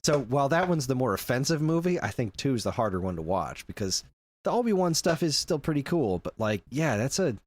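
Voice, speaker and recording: A man's voice: medium pitch, fairly quick. A man co-hosting a casual podcast chat, ranting animatedly about films. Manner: animated ranting, acts out quotes. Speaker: podcast co-host.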